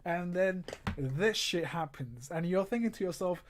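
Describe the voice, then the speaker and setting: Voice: medium pitch, animated, a little slow, a little hiss or hum. A livestream host in casual live commentary, exasperated and sarcastic, often breaking into laughter and reading viewer comments aloud. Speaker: livestream host of a football watchalong.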